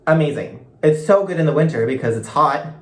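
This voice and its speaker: A man's voice: fairly high pitch, expressive, fairly quick, faint music behind. A young man from Canada chatting casually in a vlog, gushing and bubbly, full of "like" fillers. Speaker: vlogger. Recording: echoey room.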